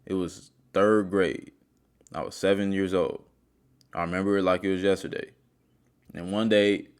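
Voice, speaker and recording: Speaking directly to the listener, a man with a deep voice gives a motivational monologue. He's earnest, sounding like a self-help host recounting a story from his own life, and his low voice holds steady as he builds his point.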